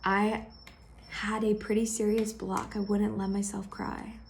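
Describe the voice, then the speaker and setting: A woman sharing a heartfelt personal vlog, speaking gently and intimately to the viewer and often dropping into a soft whisper. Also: mid-range voice, level tone, unhurried, vocal fry, slight background noise. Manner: affectionate, speaks straight to the viewer.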